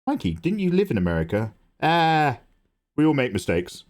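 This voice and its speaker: Speaking at normal speed with a high-ish, very animated voice and a darkish tone, an English man livestreams as an artist. Rambling and chatty, he reads viewers' messages out loud and answers them with laughter.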